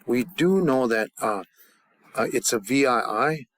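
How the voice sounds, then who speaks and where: A man gives a loose, joking grammar lesson, stumbling over words and restarting often. His voice sits in a middle pitch range. The sound is dry and close, with no room around it. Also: lively intonation, no room sound. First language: English. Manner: halting, many restarts and fillers, joking asides. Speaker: language teacher.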